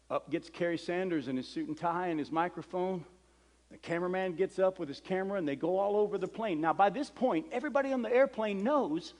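A middle-aged man, a preacher, telling a story in a sermon and acting out the dialogue with lively energy. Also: high voice. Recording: long hall reverb.

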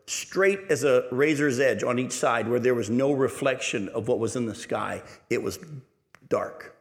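Middle-aged pastor preaching, earnest storyteller, midrange voice, church echo all around. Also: male voice, medium pitch, measured pace. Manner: storytelling, earnest, building to emphatic exhortation. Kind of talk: sermon. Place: church sanctuary. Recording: echoey church hall.

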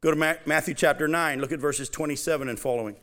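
Animated man preaching a Bible study. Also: fairly high pitch, fast. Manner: animated, conversational, reads scripture aloud with emphasis. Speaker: pastor. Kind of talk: expository sermon with scripture reading.

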